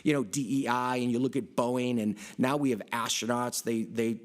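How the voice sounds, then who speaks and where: A middle-aged man speaks to a conference hall at an ordinary, mid-range pitch. He rambles from point to point, breaking off mid-sentence and filling gaps with "uh" and "you know." It sounds like an off-the-cuff live presentation. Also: steady tone, moderate pace. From Boston area, United States. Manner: rambling, with many fillers and restarts.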